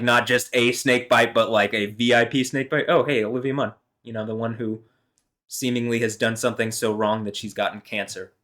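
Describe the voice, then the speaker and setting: A man with a lowish, fairly bright voice vlogs alone in a rambling solo monologue. He meanders and gets heated, using plenty of fillers and some swearing.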